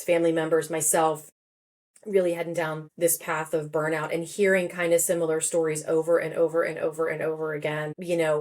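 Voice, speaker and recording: A psychotherapist and author with a low voice speaks in an animated, emphatic way during a podcast interview. She laughs often.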